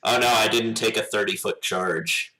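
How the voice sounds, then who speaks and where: Deep voiced guy playing, slow and lively, echoey room. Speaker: player. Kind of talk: casual chat.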